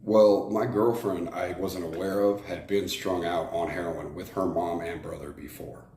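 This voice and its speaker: A man's voice: low voice, fairly even intonation, normal speed, a little mellow. A man from Arizona, a former prison shot caller, telling his life story frankly in an interview, rambling with fillers and restarts. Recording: echoey room with faint noise.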